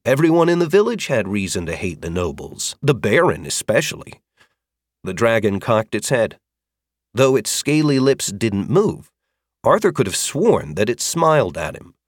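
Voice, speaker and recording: Expressive male audiobook narrator. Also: moderate pace, dry recording, clean studio sound. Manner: expressive storytelling, varied pitch. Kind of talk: scripted narration.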